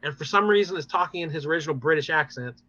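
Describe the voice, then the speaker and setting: Bright-voiced man recapping shows on a podcast. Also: a little high, rapid-fire, no echo, lo-fi sound. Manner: animated, rambling recaps with many fillers and laughs. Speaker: podcast host. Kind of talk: casual chat recapping TV episodes.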